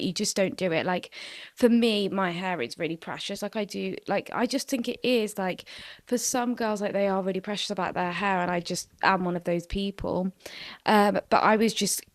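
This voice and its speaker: In a clean studio recording with no echo, a woman in her twenties hosts a solo podcast. Her voice sits in the mid-range as she tells a story casually, swearing freely and filling her speech with "like."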